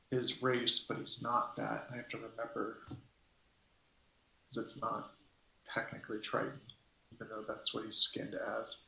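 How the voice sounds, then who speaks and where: A man's voice: mid-range voice, creaky, pushed and bright. A man narrating a tabletop game as game master, rambling and hesitant as he thinks aloud. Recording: echoey room.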